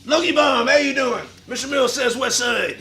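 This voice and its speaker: Gravelly, high-pitched brash wrestler man. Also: moderate pace. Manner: boastful, profane, gravelly, bursts into shouting. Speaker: livestream host in a wrestler persona. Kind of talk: brash wrestling promo talk.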